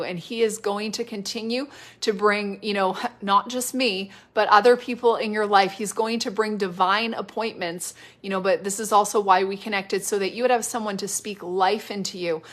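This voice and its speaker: A woman of medium pitch and steady tone gives impromptu prophetic ministry on a live stream, heard through her device mic. Her delivery is mild and hesitant, with repeated phrases and pauses filled by "like" and "you know."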